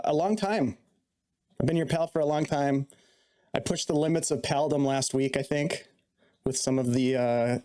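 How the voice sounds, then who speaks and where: Male DM and host, mellow and dark-toned, jokey and teasing. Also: on the high side, clear, resonant tone. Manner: playful, teasing banter. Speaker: dungeon master and host. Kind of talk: casual podcast chat.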